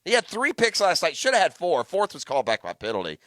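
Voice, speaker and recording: A man's voice: fairly high pitch, huge pitch swings, fast talker, a bit bright, no room sound, studio quality. A man co-hosting a sports radio show, arguing opinions on football players. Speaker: radio co-host. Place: radio studio. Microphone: studio mic.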